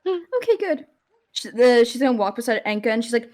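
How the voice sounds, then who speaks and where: A woman playing a tabletop game, chatty and giggly with quick asides. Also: a little high, big pitch swings, a little mellow. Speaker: player.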